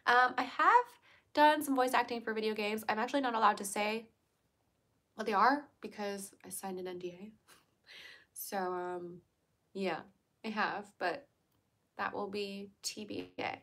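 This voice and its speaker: A woman's voice: mid-range voice, fairly even intonation, a little slow, pauses often, fairly bright tone. A young adult woman hosting a livestream, chatting casually, giggling and answering her chat. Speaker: livestream host.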